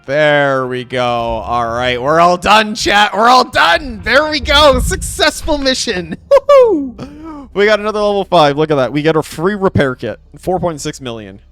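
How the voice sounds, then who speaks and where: A young man streaming a game live, chatting to his viewers in an excitable, playful way. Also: sits high, measured pace, soft background music. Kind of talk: live game commentary with chat.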